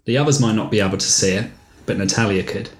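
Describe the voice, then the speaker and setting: A man hosting a podcast, reading a story aloud in a steady, deadpan way. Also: fairly low pitch, fast talker. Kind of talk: reading fiction aloud with banter. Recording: roomy recording, faint noise.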